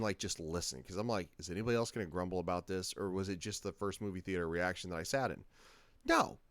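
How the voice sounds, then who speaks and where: A man's voice: medium pitch, fairly bright tone, no echo. A man hosting his own reaction channel, talking in a casual, rambling way with many fillers and restarts. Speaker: channel host.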